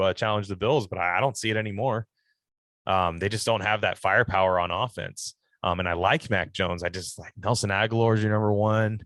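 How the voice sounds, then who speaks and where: Young guy rambling about football on his podcast, lowish voice, dry sound, blunt and swears a lot. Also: a bit bright, no room sound. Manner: rambling, opinionated, swears casually, reads listener questions. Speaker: sports podcast host. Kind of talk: casual solo sports podcast chat.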